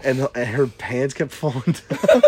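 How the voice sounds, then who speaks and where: A man's voice: mid-range voice, very noisy. A man in his thirties telling a story in casual chat, swearing a lot and restarting his sentences often. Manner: profane, rambling with many restarts.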